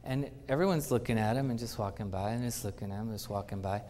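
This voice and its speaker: A man's voice: fairly low pitch, fast, slight background noise. Man telling stories in a hall. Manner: animated anecdotes with acted-out quotes. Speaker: conference speaker. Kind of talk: storytelling conference talk. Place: conference hall. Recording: reverberant conference hall.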